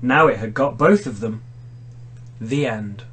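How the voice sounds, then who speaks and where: A man's voice: mid-range voice, unhurried, noisy background. A man hosting a casual podcast, reading a silly story aloud and laughing often. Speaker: podcast host.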